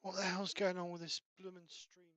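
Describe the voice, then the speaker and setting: Co-host, male, slightly high voice, quiet, mutters his asides. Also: level tone, brisk, dry recording. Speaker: livestream co-host. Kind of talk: casual livestream chat.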